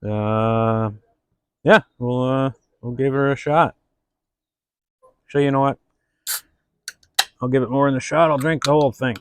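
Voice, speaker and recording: A man hosting a casual beer review and telling a joke, relaxed and halting, with many fillers. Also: medium pitch, clear, resonant tone. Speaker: host.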